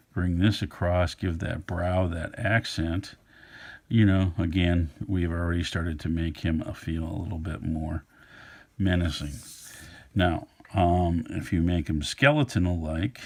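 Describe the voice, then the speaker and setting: A middle-aged man with a low voice teaches a drawing lesson, musing aloud as he sketches. His tone is easygoing and unhurried, and his voice has a gravelly rasp. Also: a little mellow. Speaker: art instructor. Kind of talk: relaxed drawing tutorial narration.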